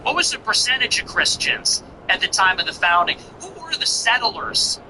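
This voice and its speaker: A man's voice: sits high, big pitch swings, normal speed, pushed and bright, slight background noise, poor audio. A male host delivering a heated, profane, mocking monologue. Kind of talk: ranting monologue.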